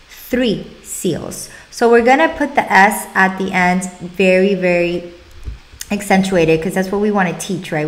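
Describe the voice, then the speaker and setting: A young adult woman, a speech-language pathologist, talking parents through exercises in an upbeat way and stretching out words slowly to demonstrate. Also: mid-range voice. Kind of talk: instructional talk to parents.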